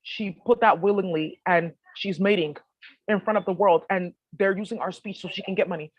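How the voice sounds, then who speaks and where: A woman's voice: medium pitch, steady tone, moderate pace, lo-fi sound. A woman vlogger talking casually to her viewers, swearing freely and rambling in slangy asides. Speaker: spiritual vlogger.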